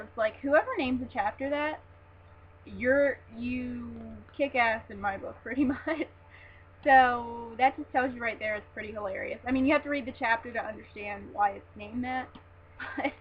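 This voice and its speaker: Gushing high-voiced young woman vlogging. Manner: gushing, excitable fan talk with many "like"s and restarts. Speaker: vlogger reviewing a book. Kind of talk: casual book review vlog. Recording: dull lo-fi webcam sound with faint hiss.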